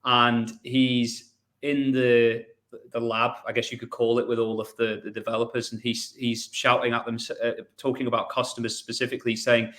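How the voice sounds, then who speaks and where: A man's voice: mid-range voice, little pitch movement, normal speed, a bit bright. A man hosting a podcast in a casual, chatty way, often restarting and repeating words. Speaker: podcast host.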